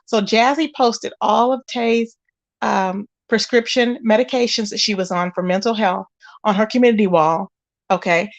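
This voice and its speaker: A woman's voice: medium pitch, steady tone, normal speed, dull audio. A woman hosting a casual live stream, chatting straight to her viewers and exclaiming as she goes. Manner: chatty, addresses viewers directly, exclaims often. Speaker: livestream gossip host. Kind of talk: casual live-chat commentary.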